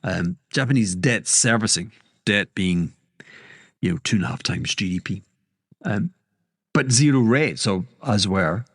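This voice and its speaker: A man's voice: fairly low pitch, a little slow, fairly bright tone, husky, no echo, studio quality. A man with a Scottish accent hosting a casual monologue, rambling and interrupting himself, with sudden emphatic outbursts. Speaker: podcast host.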